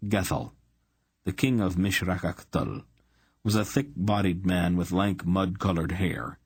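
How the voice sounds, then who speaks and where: A man narrating an audiobook with a measured, expressive reading. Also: deep voice, breathy edge, no room sound. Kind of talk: scripted narration.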